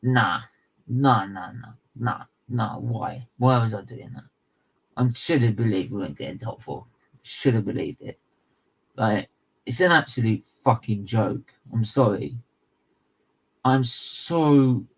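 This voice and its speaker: A man's voice: mid-range voice, animated, slow, husky, low-quality recording. A young man ranting furiously about football, swearing hard and hammering the same points over and over as a fan channel co-host. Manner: furious, sweary, emphatic and repetitive. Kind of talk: angry match reaction rant.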